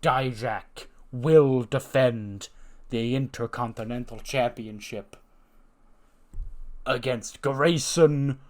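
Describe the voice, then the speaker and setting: Man doing a big boss announcer, very slow. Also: medium pitch, fairly even intonation, pushed and bright. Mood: announcing. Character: imposing male wrestling general manager.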